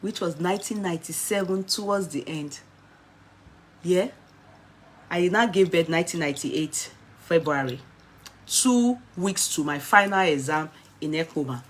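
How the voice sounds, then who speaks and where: A woman in her forties with a Nigerian accent, telling a personal story in an animated way and slipping into Nigerian Pidgin. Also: fairly low pitch, unhurried, long pauses, slight background noise.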